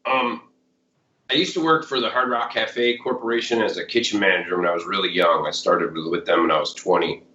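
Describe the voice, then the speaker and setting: Chicago-accented man, fifties, loose rambling interview guest, lowish voice, muffled lo-fi take. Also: a little fast, pushed and bright. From Chicago area. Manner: rambling, full of "like" and "you know". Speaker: blues musician guest. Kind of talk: casual storytelling interview. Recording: roomy, dull lo-fi sound.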